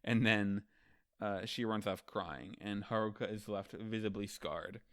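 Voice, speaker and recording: Smooth-voiced man, profane and chatty. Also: on the low side, fairly even intonation, a little slow, a bit bright, no room sound, studio quality. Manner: profane, loose and chatty, recaps scenes by acting out characters' lines. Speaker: host of a manga ranking show. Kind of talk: casual manga chapter review.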